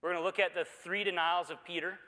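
A pastor delivers his sermon in a bright, slightly high voice, easy and conversational, with plenty of "uh" fillers. His words ring out with a long reverb, as if he is at the front of a church hall. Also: steady tone, fast. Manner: conversational preaching with frequent "uh" fillers.

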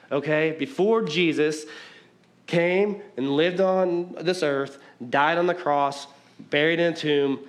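A man in his thirties preaching a casual sermon as pastor, talking conversationally with lots of "like" and jokey asides. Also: on the high side. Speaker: pastor and youth basketball coach.

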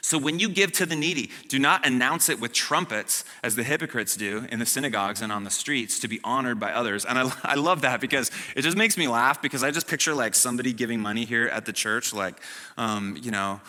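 Pastor, man, chatty joking sermon; very bright tone, long hall reverb. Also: medium pitch, fairly quick. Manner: casual, humorous, many fillers. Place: church.

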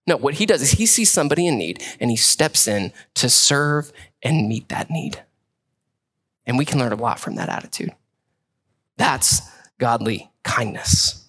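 Pastor, thirties, relaxed conversational sermon with bursts of animation. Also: male voice, on the high side. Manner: conversational, animated preaching with quick asides.

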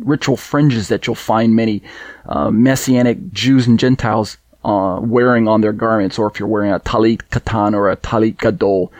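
A man's voice: medium pitch, darkish tone, no room sound. Man teaching scripture in a dry room. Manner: conversational, reads verses aloud and Hebrew, with fillers. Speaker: Bible teacher.

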